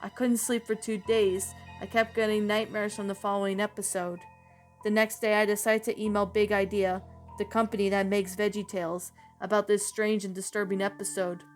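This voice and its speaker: A woman reading a creepy story aloud in a plain, slightly halting way. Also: medium pitch, flat delivery, soft background music.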